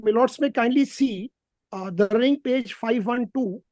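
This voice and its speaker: A woman with an Indian English accent arguing as an advocate in court, deferential and halting, repeating "my lords" again and again. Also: on the high side, warm tone, dry recording. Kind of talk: courtroom argument. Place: courtroom, on a video hearing feed.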